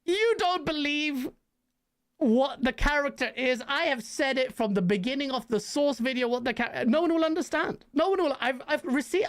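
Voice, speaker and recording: A man hosting a podcast, talking in a quick, animated way and often breaking into laughter. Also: very high voice. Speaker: podcast host. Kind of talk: casual podcast chat.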